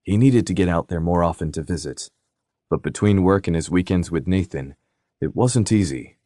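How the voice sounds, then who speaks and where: A man narrating a romantic suspense audiobook in a steady, even reading. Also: deep voice, moderate pace, no room sound, clean studio sound. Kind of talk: scripted narration.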